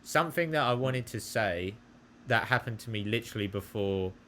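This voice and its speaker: Bright-voiced young guy. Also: on the low side, moderate pace, a little hiss or hum. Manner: animated storyteller, swears freely. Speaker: podcast co-host. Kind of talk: casual chat. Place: at home. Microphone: remote call from home.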